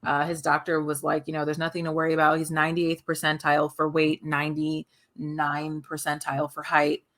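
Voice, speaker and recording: A woman's voice: monotone, fairly quick, a bit bright. A woman in her thirties co-hosting a podcast, chatting candidly and casually. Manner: candid, chatty, often quotes her toddler in a high voice. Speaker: podcast co-host.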